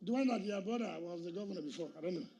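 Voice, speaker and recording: A man's voice: sits high, racing, dark tone, slight background noise. A middle-aged man with a Nigerian accent giving a combative public political speech, firing rhetorical questions and challenges at a crowd at an outdoor event. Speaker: state governor.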